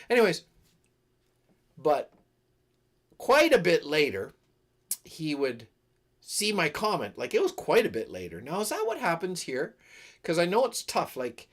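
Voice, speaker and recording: A man hosting a livestream, chatting casually and rambling with jokes aimed at his viewers. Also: medium pitch. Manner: rambling and jokey, talks to the chat. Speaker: livestream host. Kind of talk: casual chat with live viewers.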